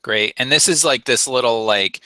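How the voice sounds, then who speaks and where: A man's voice: medium pitch, moderate pace, bright, forceful tone, no echo, poor audio. A man narrating a tabletop game as game master, casual and full of fillers.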